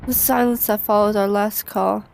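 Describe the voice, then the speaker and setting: A woman voicing a lonely, frightened young woman composer in game dialogue, speaking in a hushed, pleading way. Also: mid-range voice, steady tone, normal speed, vocal fry, natural voice. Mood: wistful. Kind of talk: game dialogue read aloud.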